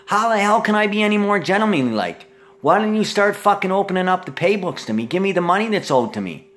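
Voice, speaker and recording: A middle-aged man in a rambling monologue, agitated and profane, swinging between shouting and muttering. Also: high-pitched, sing-song, fast.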